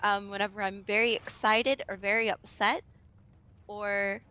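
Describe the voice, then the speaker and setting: Young Southern woman, chatty storytelling streamer, bright and sharp in tone. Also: medium pitch, little pitch movement, measured pace, clean tone. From American South. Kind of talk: casual chat while gaming.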